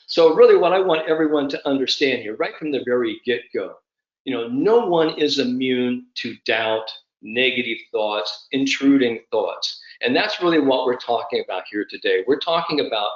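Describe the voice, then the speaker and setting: A man in his fifties, a sport psychologist, telling an anecdote with animated storytelling during an online summit. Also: mid-range voice, normal speed, echoey room, dull audio. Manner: animated anecdotal storyteller, addresses the host by name.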